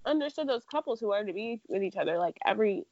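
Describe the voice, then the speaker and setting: A young woman co-hosting a podcast in casual chat, expressive, drawling some words and acting out quotes. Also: medium pitch, quick pace, highs cut off. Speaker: podcast co-host.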